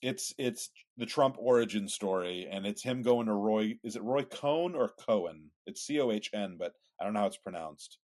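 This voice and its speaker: A man's voice: on the low side, normal speed, hardly any pauses, darkish tone. A man co-hosting a podcast in casual political chat, giving opinionated, rambling explanations. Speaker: podcast co-host.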